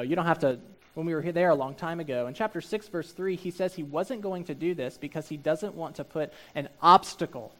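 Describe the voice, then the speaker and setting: A male pastor preaching a sermon, shifting between quiet, reflective asides and loud, emphatic stretches. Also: on the high side.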